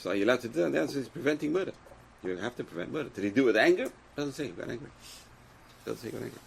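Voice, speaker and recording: A man's voice: medium pitch, vocal fry, slight background noise. A man teaching a Torah class who reads Hebrew texts aloud, translates them, and asks the class rhetorical questions.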